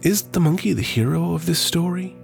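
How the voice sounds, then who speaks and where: A man's voice: on the high side, brisk, gravelly, faint music behind. A man hosting a podcast, reading a scripted introduction and a folktale with a dry, playful delivery. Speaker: podcast host. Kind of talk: scripted narration.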